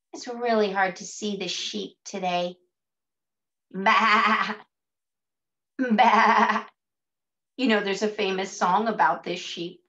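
A woman teaching an early childhood music class, gentle and sing-song, with hushed asides. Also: a little high. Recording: dull lo-fi sound.

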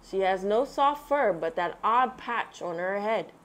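A woman doing a big booming Papa Bear. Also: lively intonation, a little slow, natural voice. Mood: cautious. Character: big gruff father bear, protective.

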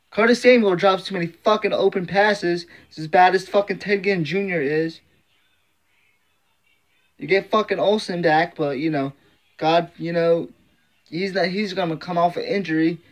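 A man ranting in frustration as a sports fan vlogger, swearing constantly and repeating himself. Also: high voice. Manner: frustrated, profane, repetitive ranting. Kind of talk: angry fan rant.

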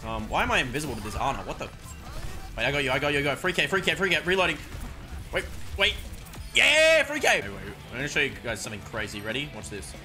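A young man streaming a video game, talking to himself with excitable commentary and sudden yelps. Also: medium pitch, very fast. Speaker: gaming streamer. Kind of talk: live gameplay commentary. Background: background music.

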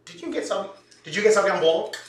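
A man's voice: high-pitched, fast talker, a little hiss or hum. A man hosting a home cooking show, joking and rambling with lots of fillers and restarts. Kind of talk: casual cooking show banter. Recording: roomy, from a distance.

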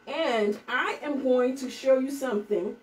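A woman's voice: sits high, measured pace, far from the mic, a little hiss or hum. A woman selling her handmade bags on a livestream, in a chatty, upbeat way and talking straight to her viewers. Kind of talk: casual live sales pitch.

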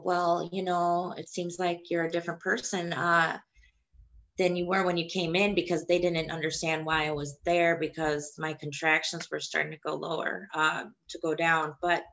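A young woman gives a personal testimony about giving birth, in a halting, hesitant way. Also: sits low, sharp tone. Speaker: woman sharing her childbirth story.

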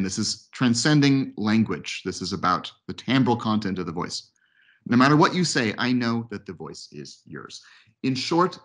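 A man giving an academic webinar lecture, reading a prepared text in a measured way with occasional asides. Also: on the low side, fairly bright tone, husky. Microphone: computer mic on video call.

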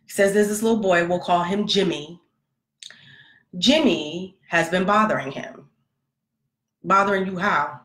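Woman host, lower voice, animated storyteller who plays the voices, roomy echo. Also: a little slow, pauses often. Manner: animated, conversational, acts out quoted dialogue. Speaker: podcast host, mother. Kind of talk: casual storytelling monologue.

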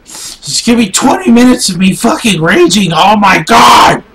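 A young man playing a video game and commenting as he goes, swearing a lot and swinging from low muttering to shouting in frustration. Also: very animated, measured pace, gravelly, noisy background. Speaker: gaming YouTuber. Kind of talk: raging gameplay commentary.

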